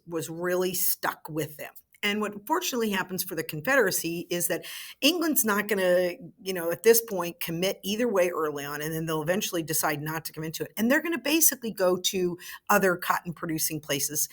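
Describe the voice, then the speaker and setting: A woman's voice: lowish voice, a bit bright. A woman history teacher recording an online lecture in a chatty way, with rhetorical asides to her students.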